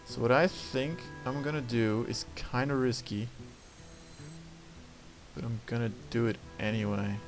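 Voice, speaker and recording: A man of middle pitch talks through a card game as he plays, working out his moves aloud. He grumbles and swears when luck turns against him. Clear game music plays behind his voice. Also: fairly even intonation, measured pace, long pauses. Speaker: gamer playing a card game. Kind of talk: casual gameplay commentary.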